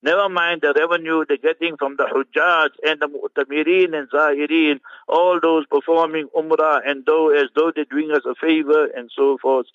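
Male religious commentator, fairly high voice, fervent and scornful sermonizing, muffled radio sound. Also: fairly even intonation, moderate pace, hardly any pauses, no echo. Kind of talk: translating and commenting on a Friday sermon.

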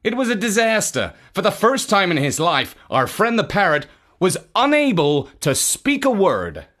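A polite, earnest young boy in a storybook, his voice lifted high and bright, as a woman puts him on. He speaks with a lively, animated swing through his sentences and a soft, breathy edge. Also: normal speed.

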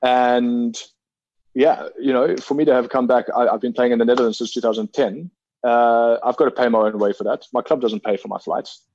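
A man in his thirties from South Africa, a hockey player being interviewed, talking in a measured, reflective way with many ums and restarts. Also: mid-range voice, fairly even intonation, darkish tone, no room sound, dull audio. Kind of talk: casual interview conversation.

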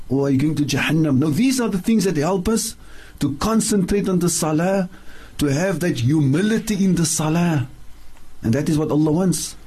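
A man's voice: on the high side, warm tone, husky. A man giving religious teaching on the radio. He chants Quran verses in Arabic and repeats key points for emphasis. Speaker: Islamic scholar, radio show guest.

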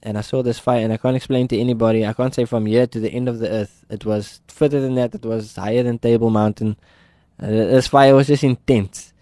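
A South African man tells his own life story earnestly during an interview, voicing the people he quotes as he gives his testimony. His medium-pitched voice is mellow and steady, fairly quick in pace, on a dry recording.

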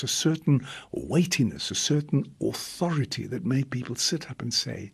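A man, a priest, giving a reflective homily with long pauses and drawn-out emphasis. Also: mid-range voice, darkish tone, husky.

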